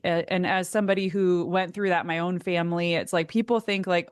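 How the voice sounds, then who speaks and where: A woman's voice: lowish voice, fairly even intonation, fairly quick, smooth, no room sound, clean studio sound. A woman hosting a podcast interview, asking questions and speaking emphatically. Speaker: podcast host. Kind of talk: conversational interview.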